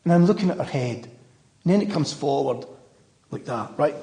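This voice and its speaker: Husky older Glaswegian man telling a story. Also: on the high side, expressive, moderate pace, dark tone. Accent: Glaswegian Scottish. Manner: humorous, rambling, chaotic storytelling. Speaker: Buddhist speaker. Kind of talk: storytelling talk to a live audience.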